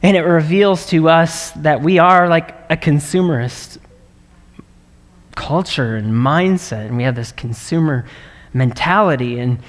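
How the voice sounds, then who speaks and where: A male pastor delivering a sermon in a conversational, earnest manner, often checking in with a quick "right?". His voice sits a little high for a man, and it rings with the long reverb of a big church sanctuary. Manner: conversational, earnest, warm laughs and frequent "right?". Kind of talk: livestreamed sermon. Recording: long reverb of a large hall.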